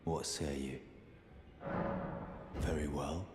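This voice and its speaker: A stern hunter of the undead from a video game, with a very deep voice and an unhurried, grave delivery. The sound is roomy, with a faint ambience behind it. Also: male voice, music in the background. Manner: calm, grave and deliberate.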